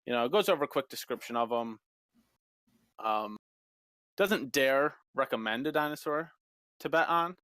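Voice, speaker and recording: Casual, halting game master man. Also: mid-range voice, animated, pushed and bright, dry recording. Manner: casual, halting, many fillers. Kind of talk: narrating a tabletop game.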